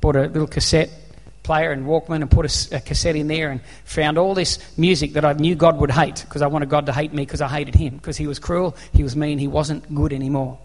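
A man's voice: fairly high pitch, fairly even intonation, a little fast, hardly any pauses, darkish tone. A man with an Australian accent preaching a sermon, telling a personal story in an earnest, conversational way. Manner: earnest, conversational, acts out dialogue. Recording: long reverb of a large hall.

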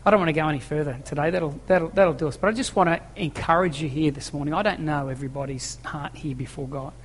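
Fast and fairly even in intonation, a high-leaning male pastor preaches to his congregation in a church hall with emphasis, repeated key phrases, and rhetorical questions. A little hiss or hum runs beneath the long church reverb.

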